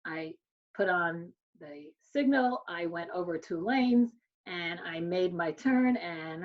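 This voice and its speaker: A woman's voice: lowish voice, lively intonation, slow pace, dull audio. A woman in her sixties, a social worker giving a talk, telling a personal story and acting out the dialogue. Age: 60s. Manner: storytelling, acts out quoted exchanges.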